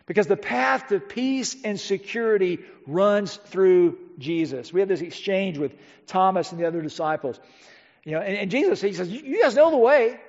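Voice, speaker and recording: A high-pitched man delivers an emphatic sermon, stretching out key words and sinking almost to a murmur for weight. His voice carries a long reverb tail, as if from a big hall. The audio is dull and muffled. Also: expressive. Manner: emphatic, with dramatic slowdowns and drops to near-quiet. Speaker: pastor.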